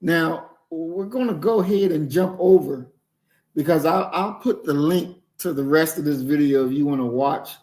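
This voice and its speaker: A man hosting a livestream, commenting on a video clip in a slow, emphatic, preachy way and addressing his chat. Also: on the high side, a little mellow. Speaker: livestream host.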